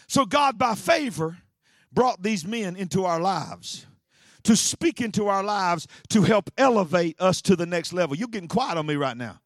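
High-voiced preacher shouting sermon. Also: male voice, expressive, moderate pace, dry recording, studio quality. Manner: preaching with frequent shouts and repeated phrases. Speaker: pastor. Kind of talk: energetic sermon.

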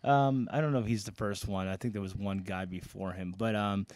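A man's voice: fairly low pitch, fairly even intonation, brisk, darkish tone, dry recording. A man co-hosting a podcast, bantering with jokes and casual swearing. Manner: joking, profane banter. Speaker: podcast co-host. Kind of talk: casual chat.

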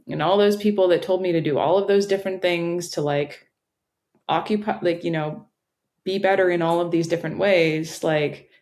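A woman in her thirties speaks as a podcast guest, candid and blunt and not shy about swearing. Her voice sits a little low in pitch. She talks in a casual, conversational way about her own career. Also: darkish tone. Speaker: podcast guest, former founder.

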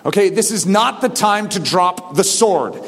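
Man preaching, shouting bursts, echoing hall. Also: sits high, animated, measured pace. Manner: swings from quiet to shouted exhortation. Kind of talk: sermon.

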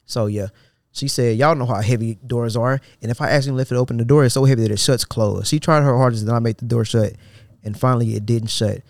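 A man's voice: medium pitch, fairly even intonation, quick pace, gravelly, darkish tone, dry recording, studio quality. A man hosting a podcast, reading a social media thread aloud in a loose, slangy way and stopping often to mock it with sarcastic disbelief. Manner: sarcastic and incredulous, breaks off reading to mock the poster; loose, slangy delivery with frequent restarts. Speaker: podcast host.

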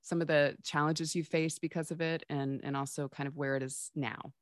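Woman, podcast host, very deep voice, dry close sound, supportive interviewer. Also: level tone, normal speed, no room sound. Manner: warm, affirming listener who asks open questions.

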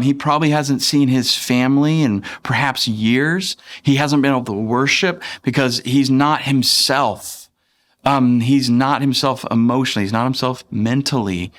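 A pastor in his thirties gives a sermon in an easy, conversational tone. He slips into playful voices for the people in the scripture. His voice sits at an ordinary middle pitch for a man. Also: a bit bright.

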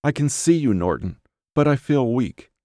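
A man reading a horror audiobook voices a weak, loving woman who speaks softly and tenderly. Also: medium pitch, lively intonation, normal speed, no room sound, studio quality, voice pushed up, natural voice.

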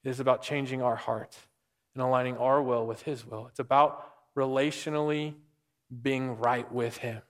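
A man's voice: medium pitch, fairly even intonation, moderate pace. A man preaching a conversational sermon, explaining scripture and asking the listeners questions. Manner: conversational, asks the room questions. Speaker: pastor. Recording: long hall reverb.

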